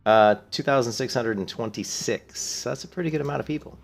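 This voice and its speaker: A man's voice: medium pitch, a little fast, gravelly, a little hiss or hum. A man chatting casually and swearing freely as he plays a game, stopping now and then to answer his chat. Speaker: gaming channel host. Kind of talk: casual gameplay commentary.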